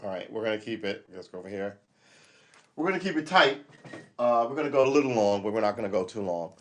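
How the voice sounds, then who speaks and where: A man's voice: lowish voice, very fast, darkish tone, soft background music. Blunt, profane man ranting on a stream. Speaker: livestream host. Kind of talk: casual ranting monologue.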